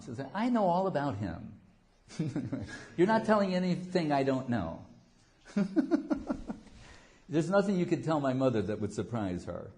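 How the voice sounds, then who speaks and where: A man's voice: medium pitch, darkish tone. Guy giving a loose spiritual talk, wanders off on funny stories, voice right in the middle range. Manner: digressive, joking storyteller who acts out quotes and laughs often. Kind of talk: informal devotional lecture with anecdotes.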